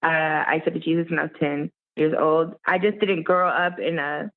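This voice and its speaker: A woman guest musician, telling her story in an interview with lively, animated delivery. She acts out the voices of the people in it. Her voice comes through a thin, tinny phone-like line. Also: low voice, normal speed. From Miami.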